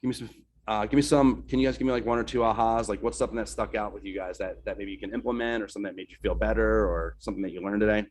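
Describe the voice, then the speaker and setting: A man's voice: lowish voice, fairly even intonation, very fast. A man leading a casual team training on sales calls, loose and chatty, often asking "right?" and with a New Jersey accent. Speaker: real estate team leader.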